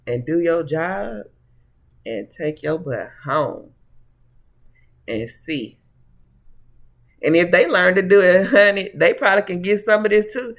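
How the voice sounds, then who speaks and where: A man's voice: high voice, a bit bright. A man giving a casual tarot reading to camera in a sassy, preachy way. He calls his listeners honey and baby and laughs often. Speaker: tarot reader.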